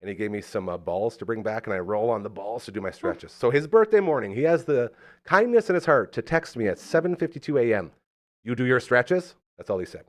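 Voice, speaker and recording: Animated man in his forties. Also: mid-range voice, a little fast. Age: 40s. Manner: animated storyteller, does voices when quoting. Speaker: podcast host. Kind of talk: casual chat.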